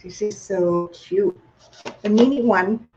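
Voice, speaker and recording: A woman's voice: medium pitch, slow pace, dull audio, noisy background. Chatty Thai-accented woman teaching cooking. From Thailand. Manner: chatty, playful, talks to viewers with questions. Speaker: cooking class host. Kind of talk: live online cooking demonstration.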